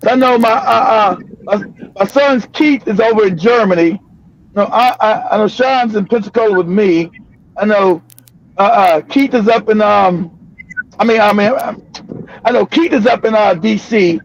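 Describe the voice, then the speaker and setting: An older man from California, hosting a live stream and telling a story loudly with profanity, laughter and bursts of shouting. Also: sits high, measured pace, pauses often, no echo. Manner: loud, profane, laughing, often breaks into shouting. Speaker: livestream show host. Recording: dull lo-fi stream audio.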